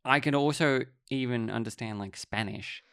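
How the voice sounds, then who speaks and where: A man hosting a relaxed podcast chat. He rambles and circles back, full of fillers and restarts, in a gravelly voice with plenty of fry. The recording is dry and close, with no room sound. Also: mid-range voice, normal speed, dry recording. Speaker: podcast host.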